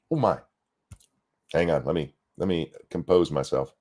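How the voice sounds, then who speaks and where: A man's voice: extremely low pitch, normal speed, darkish tone. A man giving a blunt, sarcastic reaction rant, swearing freely while fighting the hiccups. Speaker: political commentary streamer.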